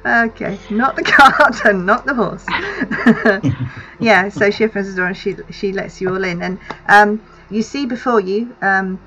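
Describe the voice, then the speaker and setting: A woman narrating a tabletop game as game master, in an unhurried way with many fillers, on a dull lo-fi recording. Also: mid-range voice, expressive, bright, forceful tone.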